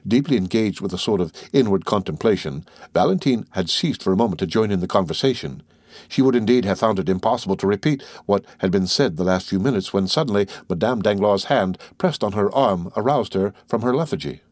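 A man narrating a classic novel as an audiobook in a steady, measured way. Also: lowish voice, no room sound, clean studio sound.

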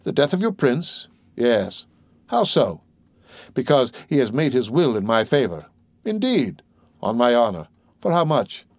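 Reader doing a wheedling ex-convict of fifty, raised pitch, sly, dry booth. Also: male voice, very animated, unhurried, dry recording. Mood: prying. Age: 50s. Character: cunning, greedy 50-year-old ex-convict man.

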